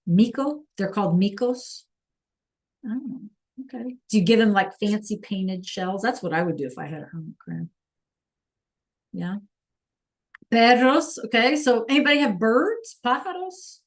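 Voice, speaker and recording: A woman teaching a live online language class, slowly sounding out words for students to repeat and encouraging them by name. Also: medium pitch. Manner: slow careful enunciation of words for students to repeat. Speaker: Spanish teacher.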